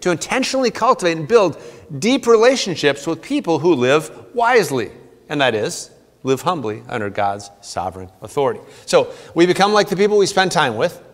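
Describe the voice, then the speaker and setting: A man's voice: on the high side, long reverb tail. A man preaching a sermon as pastor, reading scripture aloud in an earnest way with playful asides. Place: church sanctuary.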